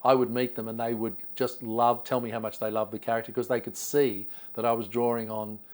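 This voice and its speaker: A man in his sixties talks as a comedy guest. He tells showbiz stories with a camp, quick-witted flair. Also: mid-range voice, level tone, darkish tone. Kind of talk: casual interview chat.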